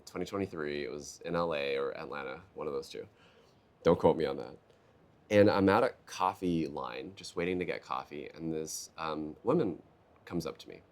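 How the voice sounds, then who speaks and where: A man, a keynote speaker, talking in a conversational interview, telling stories and acting out quotes in a raised voice. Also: rumbling low. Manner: animated storyteller, acts out quotes in a raised voice. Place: live event booth.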